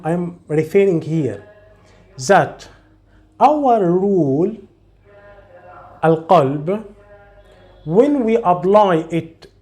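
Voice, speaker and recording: A man's voice: fairly high pitch, mellow. A man teaching a pronunciation rule in a tutorial, explaining patiently, repeating himself and reciting example words. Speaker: Arabic and Quran recitation teacher.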